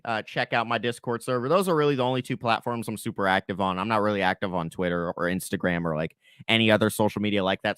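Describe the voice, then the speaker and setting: A man's voice: lowish voice, clean tone, dry recording. A man guesting on a live stream, ranting with heavy swearing in casual chat. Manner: rants loudly, lots of swearing. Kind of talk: profane drama stream chat.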